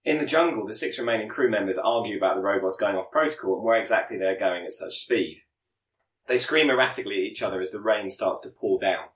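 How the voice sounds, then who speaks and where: A man reading out a scripted plot pitch as a podcast co-host, sometimes stumbling and correcting himself. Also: fast talker, fairly bright tone, echoey room, poor audio. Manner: reads with stumbles and self-corrections.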